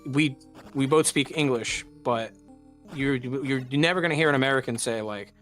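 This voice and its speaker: A man's voice: medium pitch, normal speed, fairly bright tone. A man streaming a game and chatting loosely, his ordinary mid-range voice tripping over fillers and restarts as he talks. Faint game music plays in the background. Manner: rambling, lots of fillers and restarts. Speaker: streamer and host. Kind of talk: casual chat while gaming.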